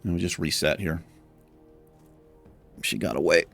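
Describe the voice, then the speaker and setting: A man's voice: deep voice, a little slow, gravelly, a bit bright, soft background music. A young man casually commenting on his game and rambling through a story, swearing freely as he talks. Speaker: gaming streamer.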